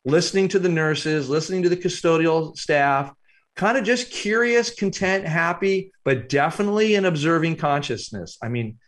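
Male author guest, higher-pitched, reflective storyteller with halting pauses. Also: lively intonation. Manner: reflective, unhurried, halting with fillers. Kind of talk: storytelling interview.

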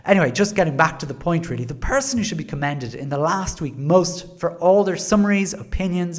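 An Irish podcaster holds forth in a solo monologue about schools. The delivery is sarcastic and full of wry asides. The pitch rises and falls a lot. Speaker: education podcaster.

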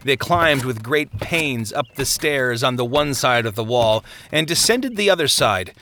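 A man's voice: mid-range voice, animated, measured pace, pushed and bright, slight background noise. A man narrating an audiobook chapter with vivid, dramatic storytelling. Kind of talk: scripted narration. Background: music.

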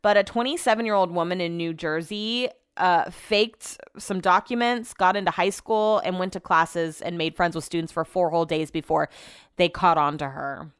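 A woman's voice: lowish voice, normal speed, clear, resonant tone, dry recording, studio quality. A woman hosting a podcast from her home office, chatting casually about news and her day, swearing now and then and tripping over her words. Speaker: podcast host. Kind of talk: casual news chat and personal update. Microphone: podcast microphone in home office.

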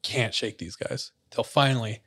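A man's voice: medium pitch, normal speed, a bit bright, breathy edge. Young male podcast host, casual storyteller, chatty with fillers, laughs often.

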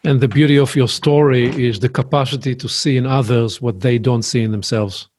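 A man's voice: mid-range voice, fairly even intonation, a little fast, a little mellow, a little hiss or hum. A man hosts a conversational interview show. He welcomes his guest in a friendly way and leads with open questions. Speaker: interview host.

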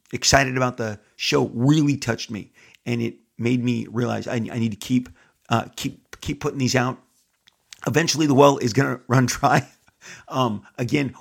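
A middle-aged man hosting a podcast into a studio microphone, talking in an enthusiastic, rambling way with many restarts. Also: mid-range voice. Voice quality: gravelly, husky. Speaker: podcast host. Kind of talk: casual podcast monologue.

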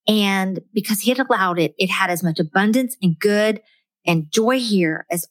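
A middle-aged woman talks in an earnest, reflective way as a guest author on a faith-based interview. Her voice sits at an ordinary pitch for a woman. The recording is dry and close, with no room around it. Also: moderate pace, dry recording.

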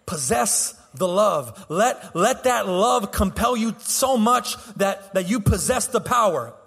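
Impassioned high-voiced male pastor preaching. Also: lively intonation, slow pace, creaky, husky, long reverb tail. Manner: impassioned, swings from soft to loud, repeats words. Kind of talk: sermon. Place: church sanctuary.

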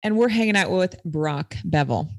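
A woman co-hosts a podcast in a relaxed, chatty way. She laughs easily and keeps the talk moving with short replies. Her voice is recorded close and dry. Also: on the low side, no room sound. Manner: easygoing, laughs often, quick back-channel replies. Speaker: podcast co-host. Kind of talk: casual chat.

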